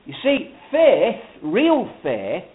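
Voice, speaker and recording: A man's voice: high-pitched, wildly swooping pitch, very slow. A man preaching a sermon with emphatic, rising and falling cadence. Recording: phone-like narrow band.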